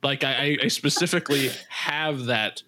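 A man's voice: mid-range voice, fairly even intonation, normal speed, bright, forceful tone. A man, creator and host of an audio drama podcast, chatting casually and rambling with many restarts. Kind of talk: casual chat.

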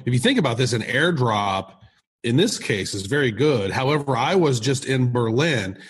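A man's voice: mid-range voice, expressive, normal speed, slight background noise. A man with a mid-range voice co-hosts a casual podcast. He sounds friendly and upbeat. He speaks straight to the audience. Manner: friendly, upbeat, direct to listeners. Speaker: podcast co-host.

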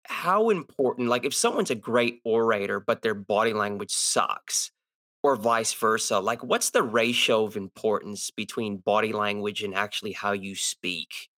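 A man's voice: lowish voice, moderate pace, bright, forceful tone. A male podcast host asking casual, rambling questions, filling his sentences with "like.". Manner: loose, rambling questions full of "like".

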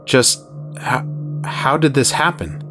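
A man's voice: mid-range voice, expressive, takes it slowly, pushed and bright, soft background music, pitched above the performer's own voice. A man voicing an injured, frightened young man who speaks in short, shallow, desperate bursts.

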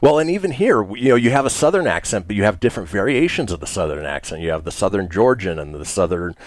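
American male talk radio host, low voice with lively swings, dry studio mic. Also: quick pace, dry recording. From United States. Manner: animated, chatty, lots of fillers. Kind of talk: casual radio talk show chat.

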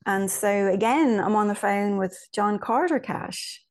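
A woman's voice: mid-range voice, measured pace. Chatty woman telling stories. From Ireland. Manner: chatty, storytelling, many restarts and asides. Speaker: guest. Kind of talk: casual interview chat.

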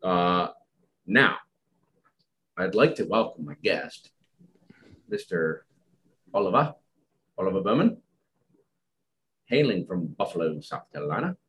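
A man's voice: deep voice, very animated, a little slow, pauses often, a bit bright. A man hosting a casual podcast, a dog trainer who chats in a rambling, joking way. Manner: chatty, rambling, self-deprecating joker.

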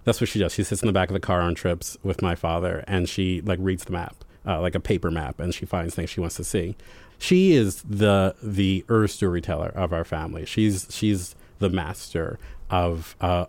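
A young man telling a personal story in conversation, animated and self-deprecating, breaking into voices of other people. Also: sits low, no room sound. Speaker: guest.

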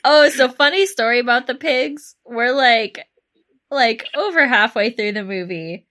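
A woman telling animated stories in a casual film chat. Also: a little high, a little slow. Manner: animated storyteller.

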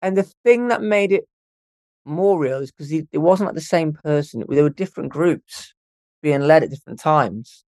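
A young man tells his story in a lively, animated way, swearing freely and acting out the voices of the people he met. His voice sits a little on the high side for a man, and it comes across close and dry, with no room sound. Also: moderate pace, dry recording. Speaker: podcast guest. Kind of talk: casual storytelling.

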